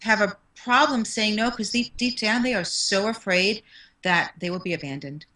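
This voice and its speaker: A woman with a New York accent talks as a confidence mentor in an interview, earnest and emphatic, often repeating words to drive a point home. Her pitch sits in the middle range. She comes through a video call. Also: moderate pace, pushed and bright, rough recording. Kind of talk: interview conversation.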